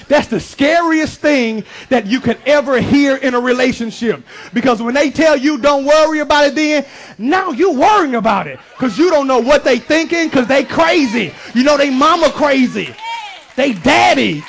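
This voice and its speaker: A male pastor, preaching a lively, joking sermon to his congregation with shouted bursts. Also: very high-pitched, gravelly. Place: church sanctuary.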